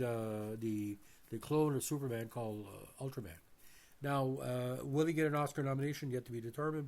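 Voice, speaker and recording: A man hosting a movie review channel, reading off a bio and then giving his opinions, with frequent uh fillers and restarts. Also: mid-range voice. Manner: addresses viewers as ladies and gentlemen.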